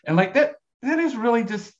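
A middle-aged man speaks with a South Carolina brogue, his pitch swinging all over as he talks. He rambles and corrects himself, chatting casually as a podcast guest. The sound is a bit dull and lo-fi. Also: animated, a little fast. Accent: South Carolina Lowcountry brogue. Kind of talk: casual storytelling.

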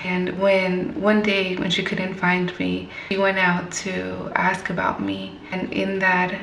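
A woman speaks candidly about her past in a gravelly voice with a touch of vocal fry, sitting a little back from the mic. The room is echoey and there is a faint hum of ambience. She stays reflective and laughs lightly at hard memories. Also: on the low side, monotone, slow pace, fairly bright tone, recorded from a distance. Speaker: interview guest. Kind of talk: personal storytelling in conversation.

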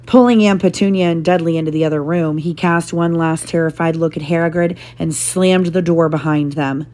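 A woman reading a novel aloud to her child, lively and animated, with brief asides. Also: fairly low pitch.

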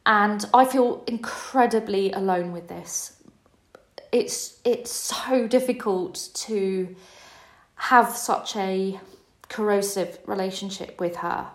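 A woman's voice: medium pitch, slow. A woman in her forties, host of a podcast, telling a personal story in a candid, emotional, confessional way. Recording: roomy echo.

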